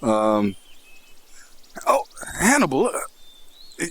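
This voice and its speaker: A man's voice: mid-range voice, animated, a little slow. A man playing a tabletop game, talking casually and joking with the group. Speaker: player.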